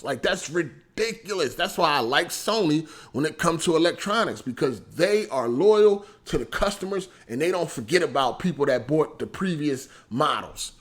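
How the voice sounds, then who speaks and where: A man chatting casually on a gaming stream, animated and profane, laughing often and swinging from loud bursts to mumbles. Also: on the high side. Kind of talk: casual livestream chat.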